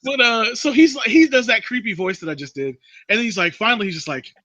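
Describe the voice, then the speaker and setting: A man hosting a casual chat, recapping a film plot as an animated storyteller. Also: fast, no echo, muffled recording. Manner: animated storyteller, drops into a creepy low voice for quotes. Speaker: podcast host recapping a movie.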